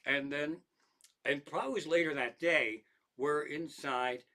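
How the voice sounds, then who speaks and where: Brief: male comic spinning swear-heavy, rambling home stories in a bright, slightly high voice. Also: unhurried. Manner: profane, rambling, lots of restarts, animated. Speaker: comedian. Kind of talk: stand-up style storytelling monologue.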